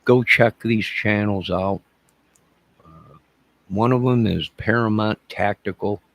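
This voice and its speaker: A man's voice: on the low side, takes it slowly, fairly bright tone, no room sound. A middle-aged man hosting a livestream, talking in an emotional, repetitive way and addressing his chat. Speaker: channel host. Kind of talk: rambling livestream talk.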